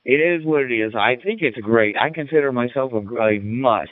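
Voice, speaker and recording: A man's voice: medium pitch, animated, moderate pace, no echo. Folksy man over a tinny radio. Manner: rambling, folksy, many restarts. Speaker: ham radio operator. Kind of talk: casual radio chat.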